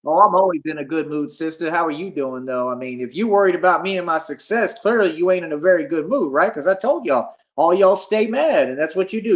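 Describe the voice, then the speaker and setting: Through a muffled recording, a high-voiced man brags and rants at his livestream chat. Defiant and brash, he says the same things over and over and keeps addressing listeners as homie.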